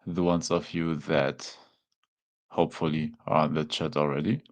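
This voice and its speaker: With an extremely low pitch and a moderate pace, a German-accented native German speaker runs a casual live-stream watchalong. He keeps things relaxed and chatty, addressing chat with easygoing fillers like "man".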